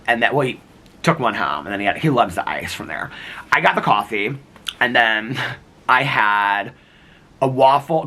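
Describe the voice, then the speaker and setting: Chatty vlogger guy laughing a lot, husky bright voice. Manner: chatty and giggly, acts out quoted lines in a higher voice. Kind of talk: casual storytelling vlog.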